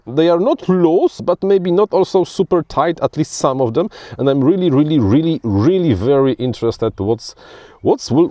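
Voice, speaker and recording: A man's voice: medium pitch, mellow, no room sound. A man giving casual, chatty commentary while flying a drone outdoors, often restarting and repeating his words. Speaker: FPV drone reviewer. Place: outdoors on grass.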